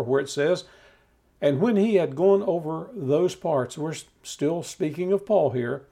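A man preaching a steady, measured Bible teaching, talking the listener through scripture. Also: a little high. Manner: calm measured teaching with occasional restarts.

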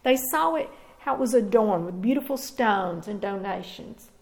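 A woman pastor reading scripture and preaching a sermon in a measured, earnest way with deliberate pauses. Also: medium pitch, lively intonation, gravelly, a little mellow, low-quality recording.

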